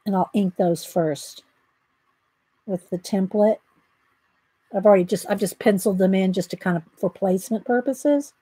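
A woman's voice: medium pitch, moderate pace, long pauses, mellow, breathy edge, no echo, rough recording. A woman, chatting casually with viewers while she draws in her home art room. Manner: chatty, thinking aloud, talks to viewers. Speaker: artist livestreaming her work. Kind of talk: casual livestream chat while drawing.

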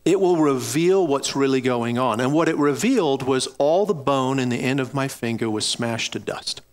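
A man's voice: medium pitch, expressive, normal speed. A middle-aged man preaching a sermon, telling a personal story in an earnest way and speaking directly to his congregation. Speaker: pastor.

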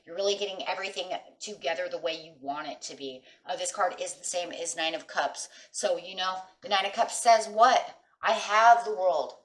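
This chatty tarot reading comes from a middle-aged woman with a lowish, somewhat bright voice at normal speed. She addresses viewers directly and emphatically, frequently adding "right?", and sounds distant and off-mic amid room echo.

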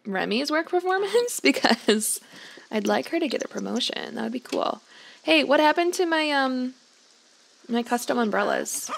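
Her voice is high-pitched and gravelly with a fairly bright tone. As a let's play host, this young woman chats through a life-sim game, addressing its characters warmly in her gameplay commentary.

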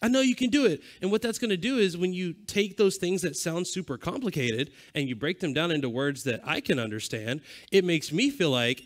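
A man's voice: fairly high pitch, lively intonation, brisk, few pauses. A man co-presenting a conference keynote in a casual, joking way, acting out little quotes. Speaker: keynote co-speaker. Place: conference stage.

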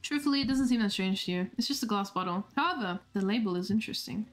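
A woman's voice: medium pitch, expressive, quick pace, soft background music. A woman streamer reading a dating game aloud, playful and laughing, with self-deprecating asides.

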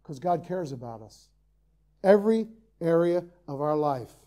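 High-voiced, mellow preacher at the pulpit. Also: male voice, expressive, unhurried. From Ireland. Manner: rises to loud emphatic peaks, then drops to quiet earnest asides. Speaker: pastor. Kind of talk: sermon. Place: church sanctuary, preaching from the pulpit.

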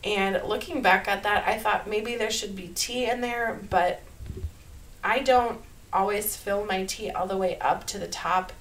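A woman with a Minnesota accent, talking through a card-making tutorial in a chatty, upbeat way and laughing softly at herself. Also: mid-range voice, fairly even intonation, a little slow, slight background noise, rough recording. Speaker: card-making channel host. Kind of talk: casual craft tutorial voice-over.

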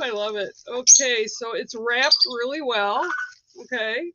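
A woman artist unboxing her new card deck in a vlog, gushing with excitement, repeating herself and letting out squeals and whoops. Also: on the high side, measured pace, highs cut off, noisy background.

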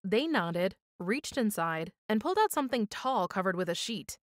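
A woman reading a children's story aloud for storytime, with expressive, measured storytelling. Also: medium pitch, no echo, studio quality. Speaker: storytime reader.

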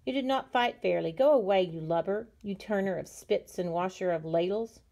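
Proud sneering noble lady from an old legend, read by a woman storyteller, mellow tone. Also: mid-range voice, moderate pace, gravelly, lightly acted. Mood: scornful. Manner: haughty, scornful.

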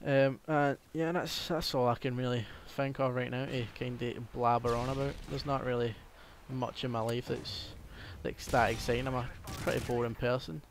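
A man's voice: mid-range voice, little pitch movement, moderate pace, few pauses, a little hiss or hum. A young man with a Scottish accent giving casual, rambling gameplay commentary, full of ums and hesitations. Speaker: gaming commentator.

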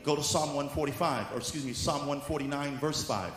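A male apostle preaching a sermon, moving from soft teaching into shouted exhortation. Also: a little high, fairly quick. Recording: echoey hall with faint room noise.

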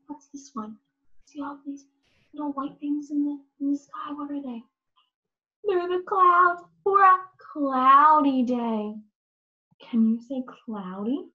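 High, slow-talking North American teacher. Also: female voice, bright, forceful tone, highs cut off. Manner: encouraging, drawn-out words with lots of praise. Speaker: ESL teacher. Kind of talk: slow, animated teaching for young learners.

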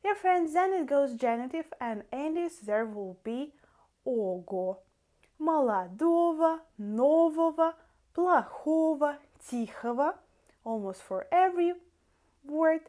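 A woman with a Russian accent gives a language lesson in a fairly high voice. She talks at an unhurried, deliberate pace and calls her viewers dear friends. She stops often to sound out word endings one by one. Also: expressive, mellow. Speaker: language teacher.

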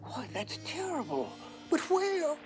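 A performer plays a kindly, fretful little mouse in a fan-dubbed cartoon. The voice is high and bouncy, mostly slow with fussy bursts. Loud music nearly drowns it. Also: very animated, exaggerated voice. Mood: alarmed. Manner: fussy, rattles off worries. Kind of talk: fan dub of an animated film. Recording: loud music over distant voice.

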